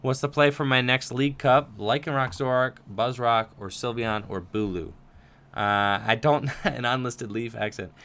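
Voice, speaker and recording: A man's voice: medium pitch, normal speed, a bit bright, clear, resonant tone. A young man hosting a livestream Q&A, reading viewer questions aloud and answering casually with lots of fillers. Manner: chatty, reads chat questions aloud, many fillers.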